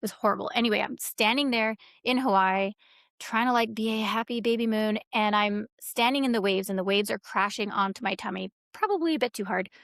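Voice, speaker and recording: A woman's voice: mid-range voice, brisk, gravelly, fairly bright tone, no room sound, clean studio sound. A woman guest on a podcast, telling stories in a rambling, casual way, with many fillers and quoted dialogue. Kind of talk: casual conversational storytelling.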